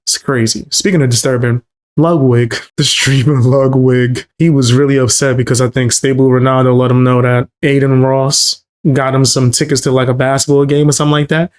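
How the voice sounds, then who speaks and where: Slangy mocking male commentator. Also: medium pitch. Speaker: commentary channel host. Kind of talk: casual reaction commentary.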